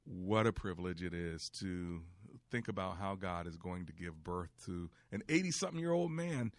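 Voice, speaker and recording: A man's voice: sits low, animated, moderate pace, no room sound. A man hosting a Christian call-in radio show, talking with callers in an affirming, preacherly way. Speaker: radio talk show host.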